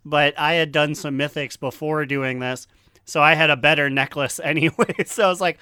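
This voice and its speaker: A man co-hosting a casual gaming podcast, his voice a touch higher than most and strikingly clear. He talks animatedly, laughs often and drops the odd swear. The sound is close and dry. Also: steady tone, fairly quick, pushed and bright, no echo. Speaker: podcast co-host.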